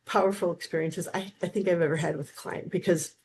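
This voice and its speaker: A woman's voice: fairly low pitch, fast talker, husky. A woman in her fifties, a therapist, telling stories in a casual interview, full of restarts and acted-out dialogue. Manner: animated, acts out quoted dialogue, frequent restarts. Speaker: therapist, guest.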